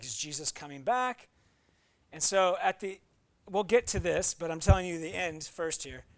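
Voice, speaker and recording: A man preaching a sermon, reading scripture and then talking conversationally with playful asides. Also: high-pitched. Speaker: pastor.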